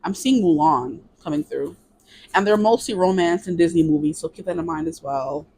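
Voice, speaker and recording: A woman's voice: on the low side, normal speed, warm tone, slightly rough, no echo. A woman giving a casual tarot reading to camera, chatty and playful, singing bits of songs. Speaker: tarot reader.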